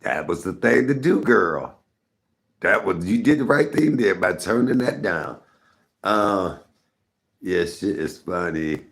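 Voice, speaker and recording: With a low, slightly bright voice full of vocal fry, a middle-aged streamer speaks slowly but expressively. He rambles through candid stories for his viewers and talks back to his chat in a casual way.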